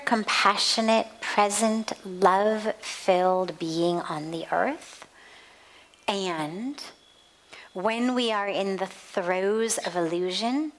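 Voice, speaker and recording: A woman spiritual teacher giving a talk at a satsang, telling a story in a slow, measured way. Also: mid-range voice, fairly bright tone, rough recording. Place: outdoor garden.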